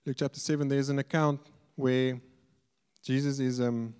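Earnest preacher in a reverberant hall. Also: male voice, mid-range voice, level tone, normal speed, darkish tone, clean tone. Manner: earnest, stumbles and repeats words when explaining. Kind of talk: sermon.

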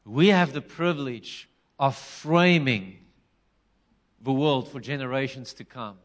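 A middle-aged man preaching a sermon, telling a story with passion and breaking into loud, emphatic declarations. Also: mid-range voice, measured pace.

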